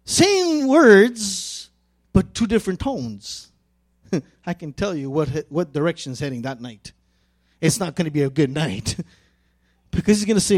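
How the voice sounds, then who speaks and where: A man's voice: sits high, big pitch swings, a little mellow. A man preaching a sermon as pastor, earnest and emphatic, stretching out key phrases. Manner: earnest, drawn-out emphatic phrases building to fervent pleading.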